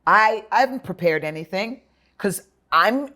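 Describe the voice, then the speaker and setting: An older woman telling her story in an interview, lively and dramatic, acting out the voices of others. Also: mid-range voice, unhurried. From Jamaica and United States. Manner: animated storyteller, acts out voices. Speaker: guest.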